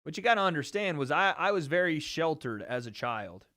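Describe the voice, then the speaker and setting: A man's voice: a little high, sing-song, fairly quick, pushed and bright. A man hosting a casual livestream, talking animatedly and boastfully, swearing freely, with a light Southern American accent. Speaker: streamer host.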